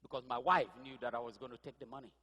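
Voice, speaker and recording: A man recounts his testimony from the pulpit, in a lively storytelling voice that swells into impassioned pleading. His tone is bright and forceful, with a husky edge. A long reverb from the church hall trails every phrase. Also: medium pitch, racing. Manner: storytelling, rising to impassioned cries. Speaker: pastor. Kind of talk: sermon testimony.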